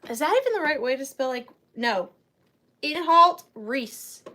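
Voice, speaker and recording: A woman runs a live online antiques sale from her home office, chatting with viewers by name and counting down bids. Her voice sits high with big pitch swings, and she talks a little fast.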